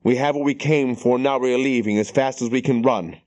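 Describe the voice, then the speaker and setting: A man voicing a grave, proud soldier lord who declares his lines forcefully in an audiobook reading. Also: medium pitch, brisk, no room sound, voice pushed up, lightly acted. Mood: intense.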